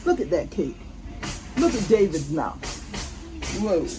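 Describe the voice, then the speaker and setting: An older woman with a fairly low voice and big pitch swings reads a picture book aloud to her grandchildren, slowly and gently quizzing them. Poor audio captures music plus faint roofing work noise in the background.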